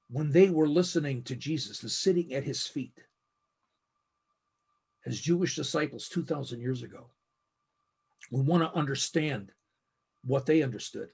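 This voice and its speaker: A middle-aged man teaching a Bible lesson, speaking earnestly and slowing to stress key phrases. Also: mid-range voice, creaky, a little mellow, slightly rough. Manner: earnest, with slow emphatic phrasing. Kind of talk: scripted teaching.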